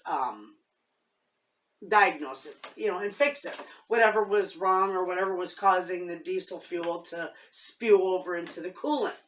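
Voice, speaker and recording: A woman's voice: lowish voice, fairly bright tone. Woman, homestead vlogger, casual chat, heartfelt, rambling restarts, slightly distant mic.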